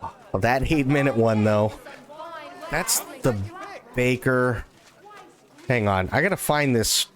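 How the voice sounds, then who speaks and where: A man streaming live, telling a long joke and thanking viewers in an excitable, animated way. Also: medium pitch, slow, long pauses, some chatter behind.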